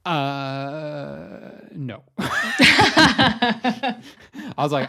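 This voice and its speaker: A man's voice: mid-range voice, animated, normal speed, a bit bright. A young man co-hosting a podcast, telling a self-deprecating story in a rambling, hesitant way. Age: young adult. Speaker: podcast co-host. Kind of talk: casual comedic storytelling.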